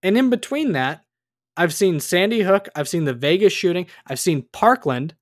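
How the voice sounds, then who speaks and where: A man's voice: sits high, animated, moderate pace, no echo, studio quality. A man in his twenties, co-hosting a podcast, ranting heatedly in casual chat and swearing freely. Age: 20s. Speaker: podcast co-host.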